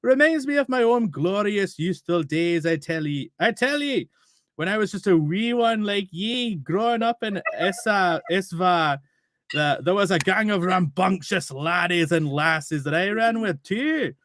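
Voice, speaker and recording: A man's voice: sits high, animated, unhurried, a bit bright, no room sound, clean studio sound, pitched above the performer's own voice. A man putting on a chatty old Scottish wagon driver. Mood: jolly rambling. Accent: Scottish, put on. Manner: long-winded, jolly, rambling.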